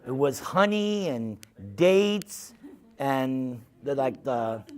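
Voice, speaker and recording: In a casual talk, a man tells humorous, animated stories to an audience and fields their questions. His mid-range voice moves extremely slowly.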